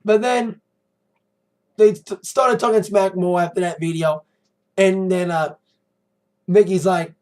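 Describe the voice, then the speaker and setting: A man's voice: high voice, steady tone, takes it slowly, long pauses, a little mellow. A man giving a rambling, chatty recap of a wrestling show in a casual monologue, correcting himself as he goes.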